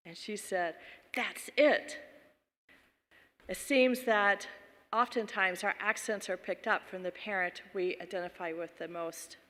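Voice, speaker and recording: A woman's voice: medium pitch, fairly bright tone, in a large hall. A woman minister raised in the American South, telling stories in a folksy sermon with chuckling asides. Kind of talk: sermon storytelling.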